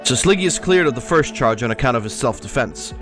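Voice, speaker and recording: A man reading out a formal courtroom judge who lays out charges in measured tones. His pitch is middling and he sounds congested, with faint music playing behind. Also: animated, a bit bright, lightly acted.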